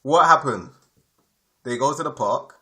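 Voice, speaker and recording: Bright-voiced man teaching spirituality. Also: mid-range voice, lively intonation, measured pace. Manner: emphatic, repeats points, checks in with "okay", laughs often. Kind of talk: explanatory spoken lesson.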